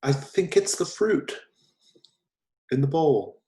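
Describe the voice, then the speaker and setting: A man narrating as game master of a tabletop game, relaxed and quick to laugh. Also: fairly high pitch. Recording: roomy echo.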